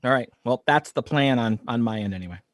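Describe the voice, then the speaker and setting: A man's voice: mid-range voice, brisk, no room sound, studio quality. A man playing a tabletop game, describing his moves with gleeful, gory relish. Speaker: player. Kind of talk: tabletop role-play chat.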